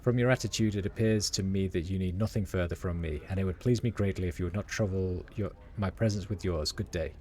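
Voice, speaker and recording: A man's voice: deep voice, a little fast, few pauses, a little mellow, a little hiss or hum, natural voice. A man voicing a proud, easily offended warrior who talks in a pompous, archaic and formal way.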